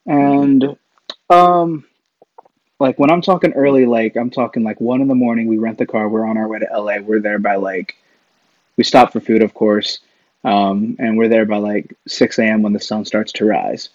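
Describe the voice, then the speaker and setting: A man's voice: on the low side, steady tone, moderate pace, darkish tone, no room sound. Rambling man telling stories on a lo-fi mic. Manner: rambling, with many fillers and restarts. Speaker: podcast guest. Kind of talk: casual storytelling. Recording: dull lo-fi dry sound.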